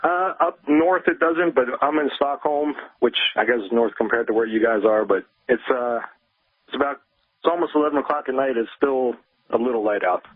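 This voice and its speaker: An American man calling a radio show with a question, hesitant with many pauses, over a tinny phone line. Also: mid-range voice, no echo. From United States. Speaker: caller.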